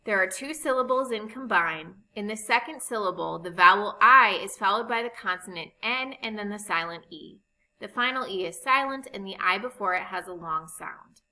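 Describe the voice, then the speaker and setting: A woman teaching a recorded phonics lesson, explaining spelling rules slowly and patiently. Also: medium pitch, animated, sharp tone, poor audio. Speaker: reading teacher.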